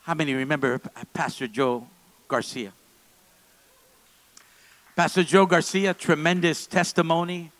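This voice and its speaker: A man preaching a sermon in a church service, moving between quiet, low asides and loud, fervent stretches. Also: fairly even intonation, measured pace, pauses often, dry recording, low-quality recording. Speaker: pastor.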